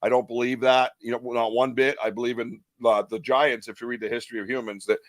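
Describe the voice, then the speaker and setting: A man hosting a casual chat podcast, animated and laughing often as he acts out other people's lines. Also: medium pitch, quick pace, no room sound, clean studio sound. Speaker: podcast host.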